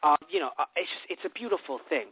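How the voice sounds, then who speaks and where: A man hosting a casual podcast chat, rambling and animated with lots of fillers. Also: a little high, fast, breathy edge, no room sound. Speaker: podcast host. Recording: tinny phone-like dry sound.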